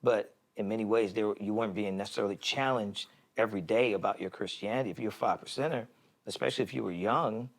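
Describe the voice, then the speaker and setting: A man's voice: fairly low pitch, fast talker. A man co-hosting a faith podcast, talking in a reflective way that is full of restarts and repeated words. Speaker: podcast co-host. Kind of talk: casual discussion.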